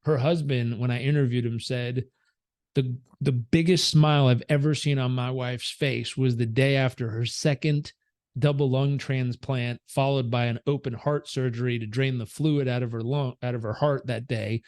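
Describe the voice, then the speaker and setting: A man, a performance coach guest on an interview show, telling personal stories in a lively conversational way, acting out the voices of the people he quotes. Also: mid-range voice, normal speed. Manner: animated, acts out quoted voices, many fillers. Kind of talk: conversational storytelling.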